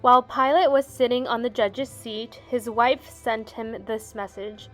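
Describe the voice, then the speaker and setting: A woman reads scripture aloud in a steady, solemn way. Her voice sits a little high. Soft music plays underneath her. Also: measured pace, few pauses. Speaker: scripture reader. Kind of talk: scripture reading.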